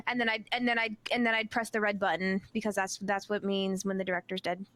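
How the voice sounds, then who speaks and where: Animated woman answering interview questions. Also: mid-range voice, fast talker. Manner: animated, rambling, constant mm-hmm. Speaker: job candidate in role-play interview. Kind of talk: casual role-play chat.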